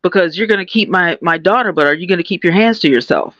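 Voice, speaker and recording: A woman's voice: fairly low pitch, quick pace, fairly bright tone, no room sound. Female co-host, candid and personal, dry slightly muffled recording. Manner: candid, personal, many fillers. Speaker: podcast co-host. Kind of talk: casual podcast talk.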